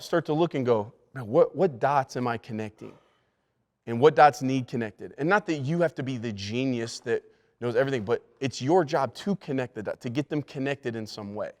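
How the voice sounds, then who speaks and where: A male pastor at a middle pitch teaches church staff in an emphatic, conversational way. He stumbles and restarts his sentences and repeats his key words for emphasis. His voice rings out with the long reverb of a church hall. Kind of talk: leadership lesson to church staff.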